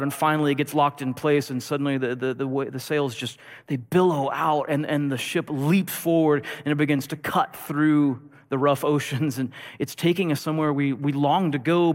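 A male pastor preaching a sermon with animated storytelling that swings between loud and hushed. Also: fairly high pitch, long reverb tail.

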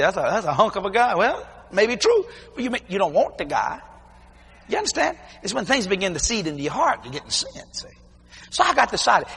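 Male preacher, bright forceful delivery, folksy storytelling with shouted bursts, long hall echo. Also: high voice, gravelly, breathy edge. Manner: animated storytelling with shouted exclamations; folksy, informal grammar. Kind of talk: testimony sermon.

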